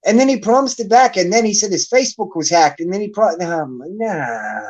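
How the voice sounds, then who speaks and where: A man's voice: sits high, lively intonation, fast, darkish tone, poor audio. A man hosting a battle rap league stream, ranting angrily and profanely as he calls someone out. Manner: angry, profane, calling someone out. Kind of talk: heated livestream rant.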